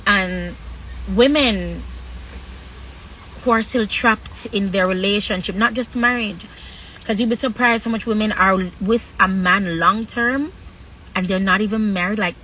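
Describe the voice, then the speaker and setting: A woman talks candidly to her livestream viewers in a bright, sharp voice. She speaks frankly, stopping and restarting, and draws out her words with long pauses. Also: mid-range voice, slight background noise, poor audio. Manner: frank, halting, drawn-out pauses. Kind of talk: candid personal talk.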